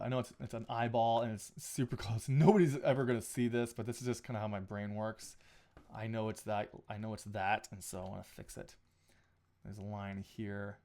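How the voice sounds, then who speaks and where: A man's voice: fairly low pitch, mellow. A man talking casually on a live stream while he edits photos, thinking aloud with frequent restarts and small asides. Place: home photo studio.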